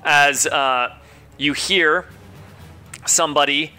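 A man running a tabletop game as game master, talking with many fillers and pauses. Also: fairly high pitch, fairly even intonation, sharp tone. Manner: rambling, hesitant with many fillers.

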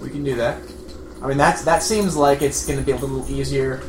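A man's voice: medium pitch, a little fast. A man in casual chat as a tabletop game player, rambling with fillers. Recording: roomy room with background noise.

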